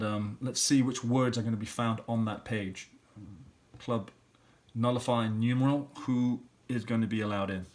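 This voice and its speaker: Sounding out letters and syllables, a man teacher reasons step by step through practice questions during a classroom lesson. His voice is medium in pitch and a little mellow.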